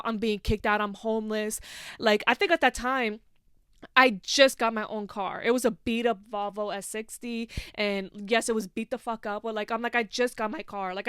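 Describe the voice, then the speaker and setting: A woman's voice: on the high side, fairly bright tone, smooth, dry recording, studio quality. A young woman hosting a podcast, telling a personal story in casual chat, full of "like" fillers and swearing. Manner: chatty, heavy on "like", swears freely. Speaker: podcast host.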